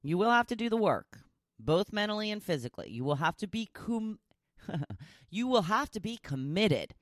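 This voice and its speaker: A woman's voice: medium pitch, big pitch swings, normal speed, no room sound, clean studio sound. A woman hosting her own podcast, chatting casually and teasing herself, then turning encouraging and motivational. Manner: chatty and self-teasing, jokes and laughs at herself. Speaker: podcast host. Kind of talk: casual solo podcast monologue.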